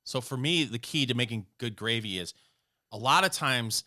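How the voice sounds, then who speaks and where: A man co-hosting a casual podcast chat, teasing his partner with dry, deadpan humor. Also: medium pitch, moderate pace, dry recording. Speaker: co-host.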